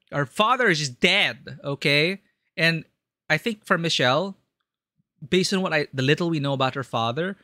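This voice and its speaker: A streamer chatting casually with viewers while playing a story game, expressive and talkative. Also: medium pitch, no room sound, clean studio sound. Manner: chatty, expressive, talks to chat.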